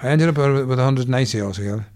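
A man's voice: mid-range voice, racing, a little mellow. An older man, a comedian guest chatting in an interview and spinning anecdotes and gags. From England. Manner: gag-telling storyteller, slips into quoted voices. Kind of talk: anecdotal chat.

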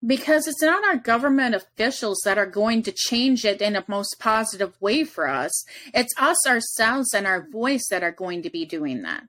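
A woman's voice: fairly high pitch, big pitch swings, normal speed, hardly any pauses, a bit bright. A woman guest in a casual conversation, speaking earnestly and steadily while telling personal stories.

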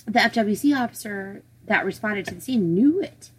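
A woman's voice: mid-range voice, lively intonation, normal speed, slight background noise, rough recording. A woman co-hosting a podcast who tells stories in casual chat and is easily grossed out. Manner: chatty storyteller, easily grossed out. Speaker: podcast co-host.

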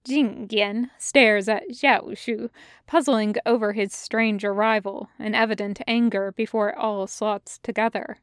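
A woman narrating a fan audiobook in a slow, measured reading. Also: mid-range voice, steady tone, clean tone, no echo, studio quality.

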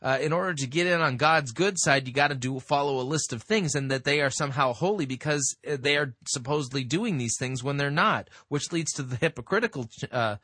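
A man's voice: mid-range voice, a little fast, few pauses, sharp tone, no room sound. A man hosting a talk show who reads from an article and answers it in a sarcastic, dismissive way, with many fillers. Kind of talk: commentary on a read-aloud article.

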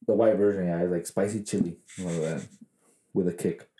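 Dude on a podcast, low voice, swears a lot, rambly stories, sounds echoey. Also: male voice, fairly even intonation, moderate pace, warm tone. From Mexican heritage. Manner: profane, rambling storyteller full of fillers. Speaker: podcast co-host. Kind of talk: casual chat.

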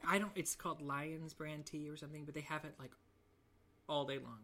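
A young woman with a notably low-pitched voice talks casually as a podcast co-host. She is giggly and playful, trading jokes with her friend. Her tone is relaxed and conversational. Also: brisk. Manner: giggly, joking, breaks into silly accents. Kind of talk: casual chat.

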